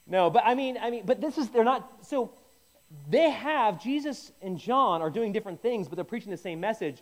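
The pastor here has a high voice with lively intonation and speaks at normal speed. His informal, conversational Bible teaching is full of jokey asides and mid-sentence restarts.

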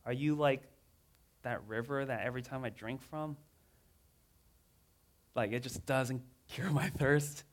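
A man's voice: mid-range voice, unhurried, pauses often. A man preaching a sermon in a casual, conversational way, reading scripture aloud with rising emotion. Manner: earnest, reads scripture dramatically with rising emotion.

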